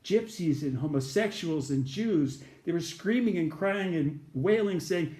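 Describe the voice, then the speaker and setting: A man's voice: a little high, normal speed, darkish tone, echoey room. A man, a guest in an interview, earnestly retelling an experience and acting out the voices in it. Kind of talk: storytelling a near-death experience.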